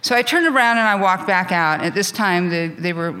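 A woman's voice: fairly low pitch, a little fast, sharp tone. A middle-aged woman from California telling a candid personal story on stage, self-mocking and laughing at herself.

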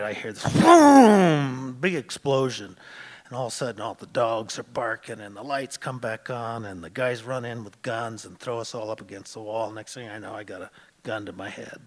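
Man, storyteller, conversational, restarts, bright tone, lingering reverb. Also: fairly low pitch. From Montana, USA. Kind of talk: spoken personal story.

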